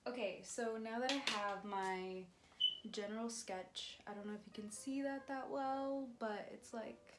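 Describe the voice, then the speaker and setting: Speaking a little slowly in a fairly high voice, a young woman vlogger gives a casual painting lesson from home. She's chatty and meandering, leaning heavily on "um" and "like," and the recording carries a roomy echo with music underneath.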